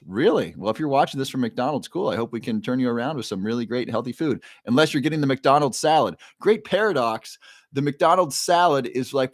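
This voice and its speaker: A man with a mid-range voice hosts a casual livestream, reading viewer comments aloud and cheerfully greeting people by name, filling gaps with lots of fillers. The audio is dry and studio quality, from a new microphone.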